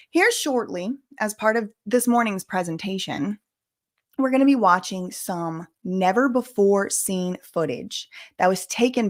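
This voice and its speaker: A young woman hosting a casual livestream, reading out donations in an excitable, gushing way and swinging between chatty and emotional. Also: medium pitch. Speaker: livestream host.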